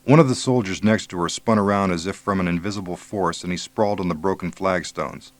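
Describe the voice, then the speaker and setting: A man narrating an audiobook in a measured, low-key way.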